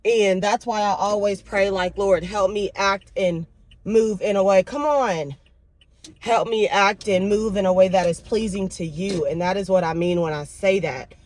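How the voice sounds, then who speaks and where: A young woman vlogging casually to camera, telling her week in an expressive, venting way. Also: mid-range voice, unhurried. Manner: expressive, venting, lively storytelling. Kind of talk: casual vlog talk to camera.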